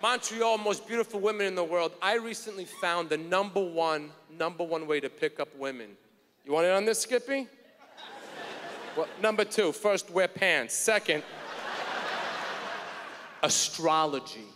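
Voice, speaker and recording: A male stand-up comedian telling stories punchily and shouting his punchlines on a festival stage. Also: high-pitched, measured pace, pauses often. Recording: reverberant hall stage with faint noise.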